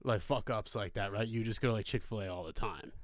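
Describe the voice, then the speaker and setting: A man's voice: fairly low pitch, fast, no echo, clean studio sound. A man co-hosting a live podcast in laid-back banter, swearing casually. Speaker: podcast co-host. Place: live show recording.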